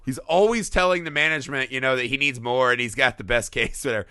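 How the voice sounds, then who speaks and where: A man's voice: medium pitch, fast talker, clean tone, no echo, clean studio sound. A man co-hosting a film podcast, talking casually and profanely and acting out characters. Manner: profane, animated, acts out impressions. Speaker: podcast co-host.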